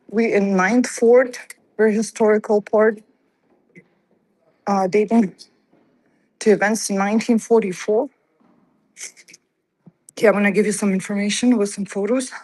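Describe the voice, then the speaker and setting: A woman's voice: medium pitch, fairly even intonation, a little slow, pauses often, darkish tone, rough recording. Breathless woman touring a museum fort. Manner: chatty, reads exhibit labels aloud to viewers. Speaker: livestream host. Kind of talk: casual livestream museum tour.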